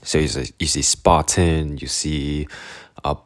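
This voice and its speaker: A man's voice: very deep voice, fairly even intonation, unhurried, no echo, studio quality. A young man from Canada telling a rambling travel story in casual chat, laughing often and acting out the people he quotes.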